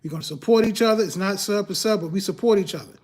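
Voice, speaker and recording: High-voiced man coaching on a livestream. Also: fast, a little mellow. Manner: emphatic, repeats key phrases, fires rhetorical questions; casual, slangy speech. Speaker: YouTube growth coach and host.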